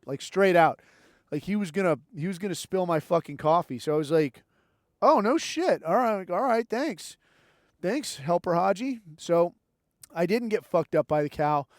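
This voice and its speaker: A man's voice: sits high, no echo, studio quality. A man hosting a podcast, telling a war story in a rambling, profane, wry way. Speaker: podcast host. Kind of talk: casual storytelling monologue.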